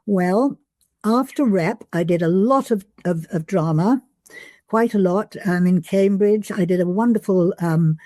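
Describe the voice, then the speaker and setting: An older woman with a mellow, well-spoken voice reminisces in a relaxed conversational way. Her stories come out full of small restarts and thoughtful ums. The sound is close and dry, with no room echo. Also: medium pitch, measured pace. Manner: chatty storyteller with frequent restarts and ums. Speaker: podcast guest.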